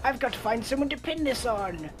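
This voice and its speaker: A woman voicing a panicking male murderer in a game, shouting frantically. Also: a little high, lively intonation, brisk, soft background music, voice pushed up, close to an everyday voice. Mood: frantic.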